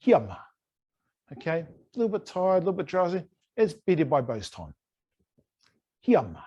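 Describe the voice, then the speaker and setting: Brief: a male New language teacher, playful and a touch high-voiced, drilling words over a video call. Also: big pitch swings, fast, a little mellow, dull audio. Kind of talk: online language lesson.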